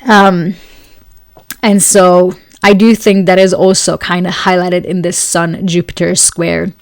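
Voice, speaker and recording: A woman's voice: on the low side, flat delivery, measured pace, dry recording. A woman astrologer giving a weekly forecast in a casual, chatty monologue, often searching for words with fillers and light laughs. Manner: speaks several languages.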